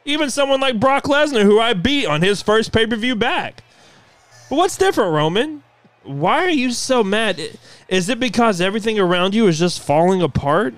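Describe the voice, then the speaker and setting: A man playing a smug veteran wrestler who needles his opponent with taunting questions. His voice rides fairly high, and faint music sits in the background. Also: animated, moderate pace, a bit bright, no echo. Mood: mocking. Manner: mocking, taunting. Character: cocky teasing male wrestling veteran.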